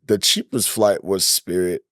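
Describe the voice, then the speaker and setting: A podcast host from Ghana telling stories in casual chat, slangy and animated, acting out the voices of the people in them. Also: male voice, sits low, measured pace, no room sound, clean studio sound. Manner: animated storyteller, slangy, acts out quotes.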